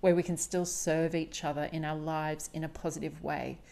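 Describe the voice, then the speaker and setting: A woman's voice: sits low, level tone, normal speed, creaky, darkish tone. A woman hosting a solo podcast, speaking candidly and emphatically, often swearing. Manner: candid, confessional. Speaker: podcast host.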